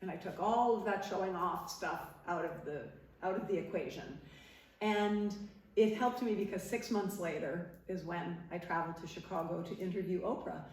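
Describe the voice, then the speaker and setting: A woman's voice: fairly low pitch, moderate pace. A middle-aged woman from Nova Scotia, a former TV interviewer, telling stories to a live audience, laughing often and acting out what people said. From Nova Scotia, Canada. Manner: animated storyteller, laughs often, acts out quotes. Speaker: guest speaker, former TV interviewer. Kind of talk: storytelling talk to a live audience. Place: parish hall. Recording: echoey hall, voice from far off.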